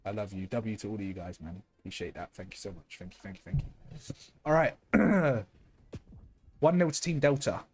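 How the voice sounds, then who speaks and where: A young man, casting a live esports match with lots of energy, who is losing his voice from shouting. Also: on the low side, brisk, faint music behind. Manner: excitable, shouting thanks to viewers. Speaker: streamer and match caster.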